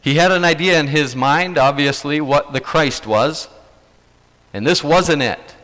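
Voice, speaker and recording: A man's voice: on the high side, unhurried, a bit bright, in a large hall. A man preaching a sermon, retelling events earnestly and emphatically, repeating key phrases for weight.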